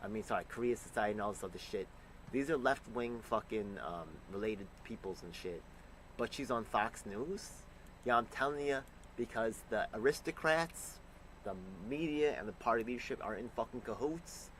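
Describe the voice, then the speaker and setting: A man angrily reacting to a news clip, ranting and swearing with sudden loud bursts. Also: medium pitch, normal speed, a little hiss or hum, rough recording. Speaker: commentator reacting to news clips. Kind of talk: profane reaction commentary.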